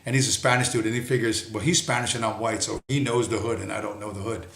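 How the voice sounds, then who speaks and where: A man's voice: lowish voice, steady tone, fast, gravelly, fairly bright tone. A man hosting a livestream, giving an angry, profane monologue and swearing bluntly throughout. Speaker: livestream host. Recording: roomy echo.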